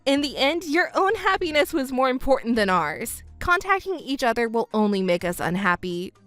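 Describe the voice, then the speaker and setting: A woman voicing a calm, composed young stepdaughter in a texting story, speaking coolly and cuttingly. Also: high-pitched, moderate pace, dry recording, faint music behind.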